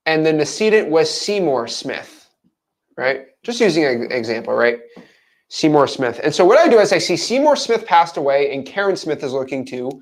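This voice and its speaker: An animated man explains real estate wholesaling, his pitch rising and falling widely. He keeps it casual and keeps breaking into little acted-out scenes. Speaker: real estate investing coach. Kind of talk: casual teaching monologue.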